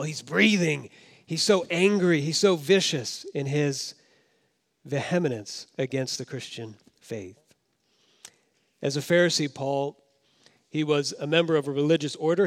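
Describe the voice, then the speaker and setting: A man preaching a sermon as pastor, swinging from loud emphasis down to hushed, quiet tones. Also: a little high. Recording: long hall reverb.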